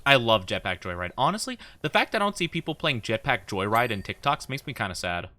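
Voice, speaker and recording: Young man, streamer, bright tone, dry close sound, rambling, giggly casual chat. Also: mid-range voice, very animated, fast, no room sound. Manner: rambling, giggly, many fillers. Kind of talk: casual chat while gaming.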